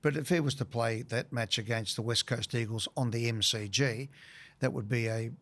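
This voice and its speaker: Aussie radio host bloke, mid pitch, brisk, keeps the chat moving. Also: male voice, steady tone, fairly bright tone. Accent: Australian. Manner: brisk, leads the segment. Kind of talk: casual sports radio banter.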